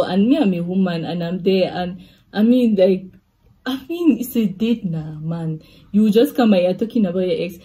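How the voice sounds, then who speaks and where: A young woman telling a casual storytime vlog, chatty and animated, full of asides and laughs. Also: lowish voice, moderate pace, husky. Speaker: vlogger.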